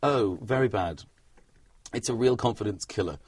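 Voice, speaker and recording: A man's voice: on the low side, normal speed, a little mellow, breathy edge, no room sound. A comedian in a casual interview, rambling and self-deprecating, laughing often at his own stories. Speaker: comedian guest.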